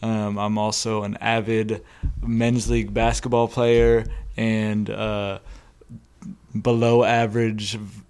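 A young adult man co-hosting a casual podcast, talking in a halting way with many ums and restarts. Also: fairly low pitch, little pitch movement, a little mellow, clean tone. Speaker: podcast co-host.

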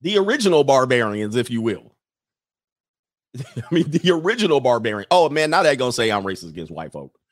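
A man hosting a casual livestream, riffing in loose slang and breaking into laughter again and again. His voice sits at an ordinary middle pitch, and the sound is dry and close with no room echo. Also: very animated, brisk, pauses often. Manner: reads out viewer comments. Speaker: livestream host addressed as Coach. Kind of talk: casual comedic rant.

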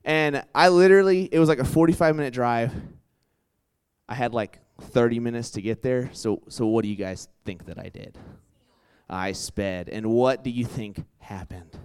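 A young man preaching in a casual storytelling style, chatty and animated, full of asides and questions put to a live audience. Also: mid-range voice, moderate pace, clear, resonant tone. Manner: chatty and animated, full of "like" and "right?", quizzes the crowd. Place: church hall with a live audience.

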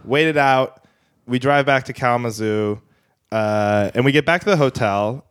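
A man's voice: medium pitch, moderate pace, smooth. A man recounting a messy night out as a podcast guest. He rambles and restarts, swears casually, and chuckles at his own story. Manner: rambling, profane, chuckles through his lines. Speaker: guest comedian.

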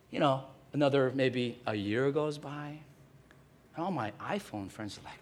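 A pastor preaching a sermon, telling everyday stories and acting out quotes in hushed asides. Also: male voice, mid-range voice, expressive, moderate pace.

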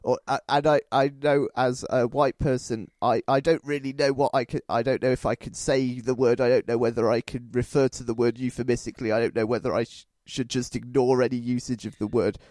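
A man's voice: mid-range voice, little pitch movement, a little fast, few pauses, darkish tone, no echo. A man hosting a podcast, talking casually in a hesitant, dry, self-deprecating way. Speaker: podcast host. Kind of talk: casual chat.

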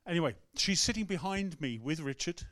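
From the pulpit of a church, an English rector shares a personal story in an easy, conversational sermon, acting out quotes as he goes. His voice is a little high for a man, brisk and a bit bright, with lively intonation. The recording is close and dry, free of room echo.

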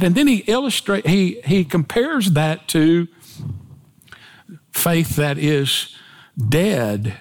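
A man preaching a sermon with emphatic delivery and dramatic swings in pitch and pace. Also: animated, takes it slowly, long pauses. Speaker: pastor.

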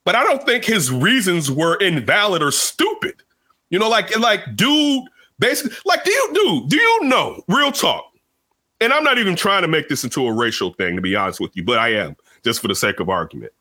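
A man hosting casual sports talk, animated and rambling, jumping from loud outbursts to low asides. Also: a little fast. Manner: rambling, restarts often.

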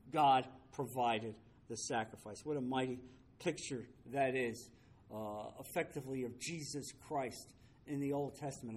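A man with a notably high-pitched voice teaches a Bible study. He is emphatic, repeats his key points and keeps asking rhetorical questions, with the odd wry aside. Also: a little mellow.

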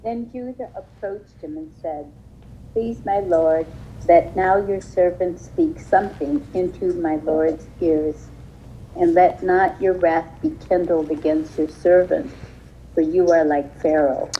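A woman's voice: on the low side, steady tone, slow, warm tone. A woman in an online class reading a scripture passage and commentary carefully aloud. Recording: dull, distant call audio with faint hiss.

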